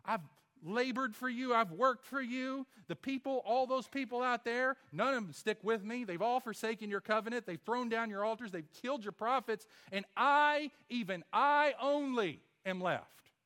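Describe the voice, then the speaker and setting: A preacher acting out a self-pitying, complaining prophet in a sermon. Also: male voice, extremely high pitch, moderate pace, a bit bright, voice pushed up. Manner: complaining, wailing, repetitive. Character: self-pitying, whining prophet, grown man.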